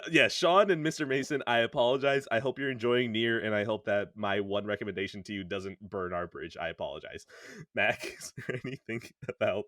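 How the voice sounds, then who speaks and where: A man's voice: on the low side, brisk, fairly bright tone, no room sound, studio quality. A man hosting a casual podcast chat, joking and laughing often. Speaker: podcast host.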